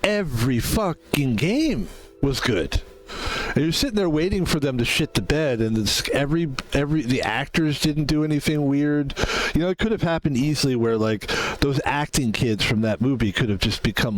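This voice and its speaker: A man's voice: medium pitch, expressive, normal speed. A man casually commenting while playing a video game, rambling between jokes and swearing freely. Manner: rambling, profane, joking asides. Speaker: gaming YouTuber. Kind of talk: casual let's-play commentary.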